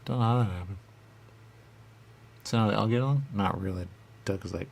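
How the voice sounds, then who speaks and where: A man rambling in a goofy comic back-and-forth with himself, answering his own questions and dropping into hushed asides. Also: on the low side, fast talker, creaky, long pauses, a little hiss or hum. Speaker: radio show personality.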